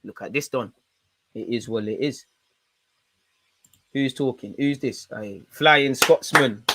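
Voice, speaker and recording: A man with a London accent hosting a football fan channel, chatting casually and excitably with plenty of slang. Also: medium pitch, takes it slowly, slight background noise. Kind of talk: casual fan reaction commentary.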